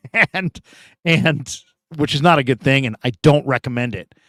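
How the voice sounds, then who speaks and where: A middle-aged man from California hosting a sports show, chatting casually through live comments and telling stories with animated quoted voices. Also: medium pitch, measured pace, no room sound, clean studio sound. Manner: animated storytelling, laughs often, acts out quoted voices.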